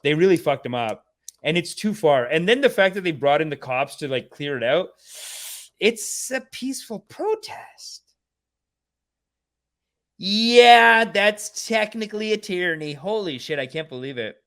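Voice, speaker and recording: Comedian host from canada, swoopy expressive voice, sweary laughing rant on stream. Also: male voice, sits high, a little slow. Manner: animated, profane, laughing rant. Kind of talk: livestream reaction commentary.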